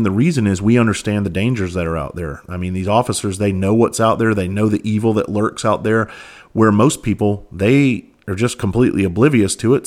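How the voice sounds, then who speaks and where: Guy w a lowish voice just talking straight on his podcast, earnest, cusses a lot. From Southern United States. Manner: candid, earnest, swears freely. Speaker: podcast host. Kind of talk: casual storytelling monologue.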